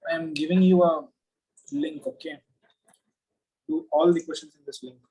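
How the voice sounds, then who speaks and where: A male physics teacher giving an oral exam over a video call. He is patient and repeats his questions slowly. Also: fairly high pitch, fairly even intonation, dark tone, husky, rough recording.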